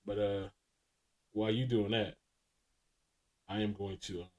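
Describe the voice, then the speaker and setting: A man's voice: fairly low pitch, little pitch movement, unhurried. A man co-hosting a podcast, telling crude, laid-back stories in casual chat and laughing often. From American Midwest. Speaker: podcast co-host.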